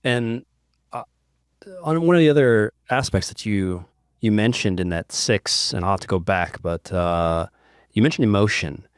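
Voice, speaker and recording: Low-voiced man asking a halting question. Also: clear, resonant tone, dry recording, clean studio sound. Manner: hesitant, searching for words, many restarts. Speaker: podcast host. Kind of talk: interview questions.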